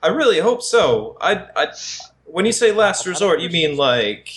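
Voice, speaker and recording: A man's voice: high-pitched, sing-song, unhurried, a bit bright. A man at a tabletop game, speaking in a put-on British character voice with dry, sarcastic banter.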